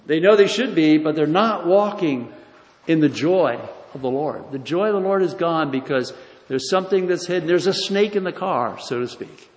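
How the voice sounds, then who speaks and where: A man's voice: on the high side, lively intonation, normal speed. Man preaching a sermon in an echoey hall. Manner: emphatic preaching, swinging between loud and hushed. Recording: echoey hall, somewhat distant.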